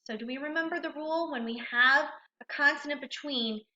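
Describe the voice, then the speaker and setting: A woman's voice: high voice, a little fast, bright, forceful tone. A woman teaching a recorded phonics lesson, patiently asking questions and praising the learner. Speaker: reading teacher. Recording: roomy, slightly dull recording.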